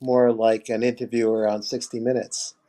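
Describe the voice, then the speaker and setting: A man's voice: mid-range voice, level tone, moderate pace, dark tone. A man hosting a casual chat, who asks questions and backs the guest up with short replies. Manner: encouraging, lots of yeah and short replies.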